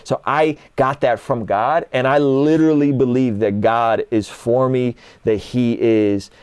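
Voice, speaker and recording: A man in his thirties talks as a guest in a relaxed conversation and tells stories with lively energy, slipping into little voices for the people he quotes. His voice sits in an ordinary middle pitch and is recorded dry and close, with no room sound around it. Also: measured pace, smooth, no room sound. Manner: animated storyteller, acts out quotes. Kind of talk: casual conversation.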